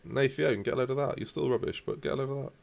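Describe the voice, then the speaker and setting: A young man commentating live on his football management game, reacting loudly to the match and chatting to viewers. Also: medium pitch, fast talker, vocal fry, a little hiss or hum.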